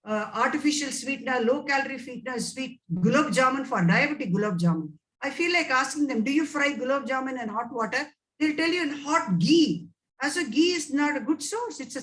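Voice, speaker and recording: A woman's voice: sits high, fairly quick, a bit bright, recorded from a distance, rough recording. A woman with an Indian English accent answering webinar questions as a nutrition scientist, emphatic and advising, repeating words for stress.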